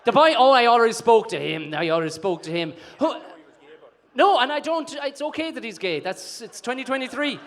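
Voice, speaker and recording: A man's voice: very high voice, lively intonation, fairly quick. A man hosting an awards night, joking and teasing the guests on stage before a live audience. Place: event hall with a live audience.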